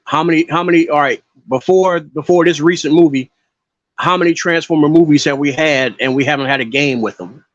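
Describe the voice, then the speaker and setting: Halting man restarting his sentences. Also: a little high, dry recording, muffled recording. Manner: halting, with many restarts and repeated words. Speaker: podcast co-host. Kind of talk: casual gaming podcast chat.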